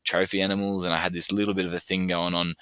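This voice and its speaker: An Australian man appears as a podcast guest, casually chatting and telling stories before reciting a rhymed bush poem of his own in a steady rhythm. His voice is deep and smooth, his pace quick, with no room sound.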